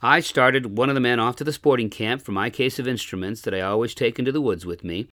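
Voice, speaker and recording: A man reading an old-fashioned first-person story aloud with expressive storytelling. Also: medium pitch, fast talker, no room sound, studio quality.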